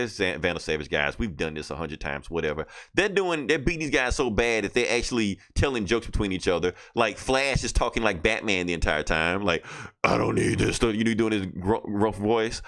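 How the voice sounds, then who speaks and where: A man with a fairly low voice hosts a podcast. He recaps comic books in a loose, casual way and swears freely. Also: a bit bright. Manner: loose, profane storytelling. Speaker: podcast host.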